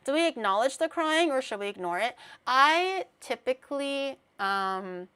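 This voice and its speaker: A young woman streamer from Canada talks casually in a slightly high voice. She rambles, breaks off mid-word to restart, and laughs at herself as she goes. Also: animated, unhurried, sharp tone, clean tone. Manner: rambling, with many restarts and fillers; giggly, self-deprecating. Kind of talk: casual chat.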